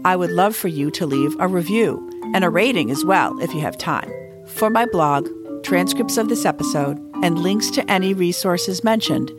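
A woman hosting a teaching podcast, encouraging and enthusiastic as she talks with a guest and reads her outro. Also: lowish voice. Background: faint background music in outro.

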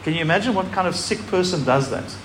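A man's voice: a little high, expressive, fast, slight background noise. A man pastor giving a sermon, reading scripture aloud with emphasis and speaking animatedly to a congregation.

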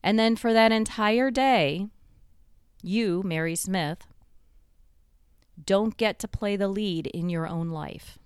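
A woman giving a reflective motivational talk, slowing down to stress key points and building them through repeated phrases. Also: mid-range voice, clear, resonant tone, no echo, studio quality. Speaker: motivational speaker.

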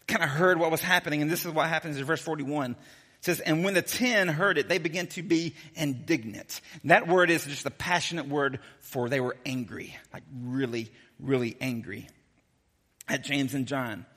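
A man preaching a sermon as a pastor, telling the story in a casual, joking, animated way. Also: a little high, moderate pace, big-room sound.

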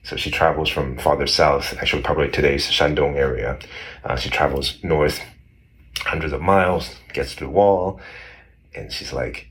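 A man with a bass voice and a fairly bright tone speaks at normal speed in a steady way. He is a guest explaining history, casually telling the story in conversation. He rambles, restarts often, and acts out the voices of people he quotes.

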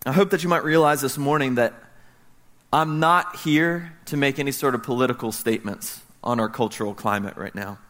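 A man in his thirties from the United States preaching a sermon as pastor, telling a story in a lively way that swings from loud to hushed. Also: medium pitch, fairly quick.

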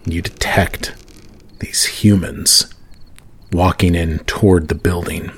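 A man's voice: deep voice, level tone, takes it slowly, fairly bright tone, slight background noise. A man narrating as game master of a tabletop game, easygoing, with many fillers.

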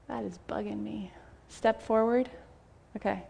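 A woman pastor preaching a heartfelt sermon and reading scripture in a church. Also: on the high side. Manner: heartfelt, tearful gratitude, measured scripture reading. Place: church sanctuary.

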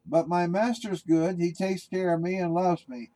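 An earnest, loyal male German shepherd, played by a man with a plain, sincere way of speaking. The tone is warm and mellow, a little high. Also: fairly even intonation, moderate pace, no room sound, lightly acted, rough recording.

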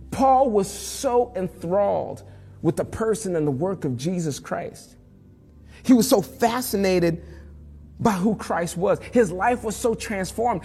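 High-voiced pastor preaching in a hall. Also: male voice, darkish tone, slightly rough. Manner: conversational preaching, rising to fervent emphasis. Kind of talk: sermon.

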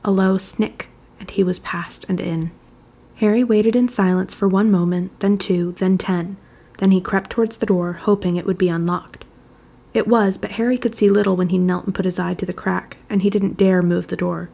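A woman reading fan fiction aloud in a steady, measured storytelling manner. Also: mid-range voice, gravelly, slightly rough. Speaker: narrator.

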